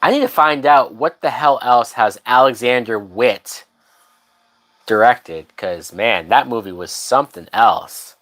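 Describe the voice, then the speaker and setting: Male streamer, drunk and unhurried, rambling profane commentary that trails off mid-thought. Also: medium pitch, a bit bright. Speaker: livestream host. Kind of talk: casual livestream movie commentary.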